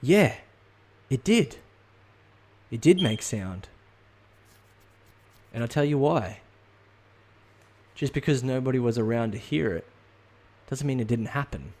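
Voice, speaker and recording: On his own podcast, a man rants in a casual, comedic, profane way, rambling with plenty of ums and restarts. His medium-pitched voice is animated yet slow, with long pauses and a darkish tone.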